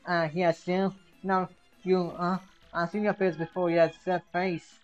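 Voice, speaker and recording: A gamer voicing an old, forgetful male goomba professor, reading game dialogue in a slow, halting way. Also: medium pitch, level tone, lo-fi sound, soft background music, pitched above the performer's own voice, close to an everyday voice. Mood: musing. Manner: slow, drawn-out, halting recollection.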